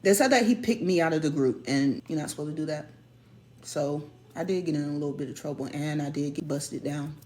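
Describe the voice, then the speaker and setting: A woman telling a personal story in a casual, animated way, stressing and repeating her points. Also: deep voice, a little fast, slight background noise. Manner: animated, emphatic, repeats key phrases.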